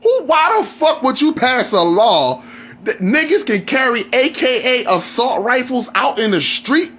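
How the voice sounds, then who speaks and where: A man on a live stream, delivering a heated, profane rant, often shouting and repeating questions at his listeners. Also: extremely high pitch, big pitch swings, measured pace, a little hiss or hum.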